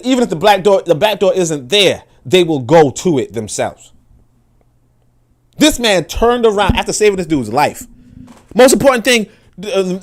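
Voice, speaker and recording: Man, livestream host, very lively pitch, slightly high voice, profane, mutters then bursts out. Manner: animated, profane, laughs often, talks to chat; swings between loud outbursts and low mutters. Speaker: livestream host reacting to a video. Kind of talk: casual commentary livestream.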